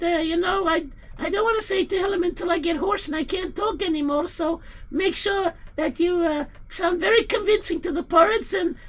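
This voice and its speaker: A woman's voice: very high voice, distant mic, rough recording. A woman voicing the innkeeper's fretful wife. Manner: emotional, talks in a rush of worry. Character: innkeeper's anxious wife, emotional and fussing.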